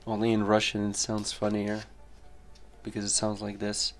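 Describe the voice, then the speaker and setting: A man's voice: lowish voice, monotone, normal speed, soft background music. A man chatting casually and swearing a lot, telling rambling stories full of fillers. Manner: profane, laid-back storytelling full of fillers.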